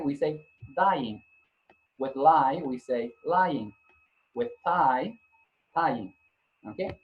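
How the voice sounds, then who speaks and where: In this grammar lesson, a male English teacher patiently goes over points again, spells letters out, and fixes his own wording mid-sentence. His voice sits on the high side with a darkish tone, and the recording's highs are cut off.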